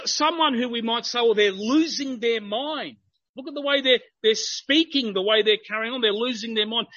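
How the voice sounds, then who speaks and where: A man's voice: high-pitched, pushed and bright, slightly rough, highs cut off. A man preaching a sermon, explaining a Bible passage in an earnest, emphatic way. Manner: earnest, grows emphatic when quoting.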